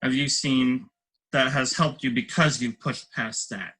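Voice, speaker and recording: A man's voice: mid-range voice, fairly even intonation, measured pace, bright, forceful tone, poor audio. A man hosting a podcast interview, asking long, rambling questions full of fillers.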